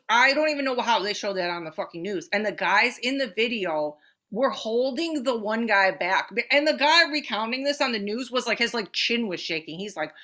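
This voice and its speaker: A woman co-hosting a podcast, telling stories in animated, profane casual chat. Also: medium pitch. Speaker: podcast co-host.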